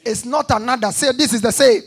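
A man preaches a sermon in a very high, gravelly voice with a husky edge. He reads scripture aloud, calls on the congregation to repeat after him, and rises to shouts at the peaks. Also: brisk. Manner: call-and-response, shouting at peaks.

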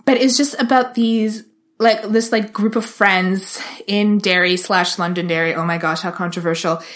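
A woman's voice: medium pitch, fairly even intonation, normal speed, fairly bright tone. A woman co-hosting a podcast, chatting casually and enthusiastically, with "like" in almost every phrase. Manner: enthusiastic, constant "like" fillers. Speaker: podcast co-host. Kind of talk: casual chat.

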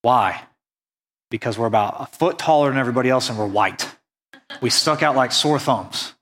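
A man's voice: mid-range voice, a bit bright. Earnest man preaching a sermon. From United States. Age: adult, went on a mission trip after high school. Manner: earnest, conversational preaching with emphatic slow stresses. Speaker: pastor.

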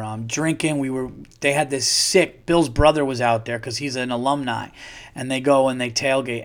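Profane, animated man telling stories. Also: mid-range voice. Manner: profane, animated storyteller acting out his own quotes. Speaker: podcast host. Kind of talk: casual storytelling monologue.

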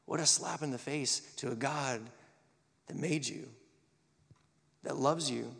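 A man preaching a sermon to young people, animated, acting out the voices he quotes. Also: mid-range voice, takes it slowly, gravelly, breathy edge. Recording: long hall reverb.

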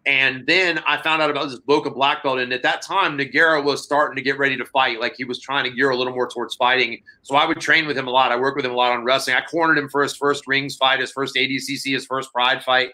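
Guest storyteller, male, loose and rambling, bright timbre. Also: medium pitch, fairly even intonation, quick pace, hardly any pauses. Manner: rambling, many fillers, acts out dialogue. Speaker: podcast guest. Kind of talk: casual storytelling.

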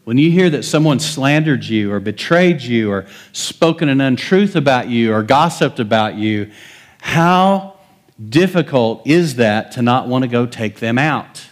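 A middle-aged male pastor preaches in a folksy, conversational way, with his pitch sitting in the middle range. He spins stories and acts out the voices of the people in them. Soft chuckles run through his talk. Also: lively intonation, measured pace. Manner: folksy, chuckles often, acts out quoted dialogue. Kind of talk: sermon with storytelling.

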